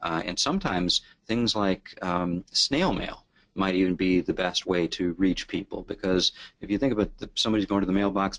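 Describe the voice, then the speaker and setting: A man's voice: sits low, fairly bright tone, no room sound. A man speaking as a panelist in a webinar discussion, hesitant with many fillers and restarts. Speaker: guest panelist.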